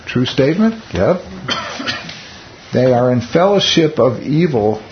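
A man's voice: medium pitch, sing-song, unhurried. Guy teaching bible study, chatty, lots of rhetorical questions and wry jokes, kinda muffled recording w faint hiss.

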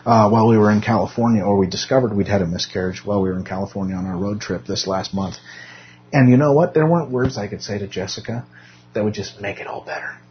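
A man's voice: on the low side, steady tone, fast, a little hiss or hum. A young man speaks at the front of a church classroom. His talk is chatty and self-mocking, and he often restarts his sentences. The recording sounds slightly dull. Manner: conversational, self-deprecating, with frequent restarts. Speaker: Sunday school teacher. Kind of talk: casual church teaching.

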